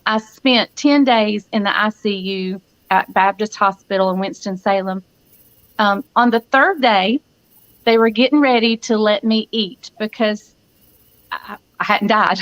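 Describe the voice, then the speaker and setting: A woman's voice: a little high, fairly bright tone, rough recording. A woman in her fifties with a Southern US accent, giving an earnest personal testimony as a guest and acting out the voices she quotes. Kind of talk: personal testimony in a live chat.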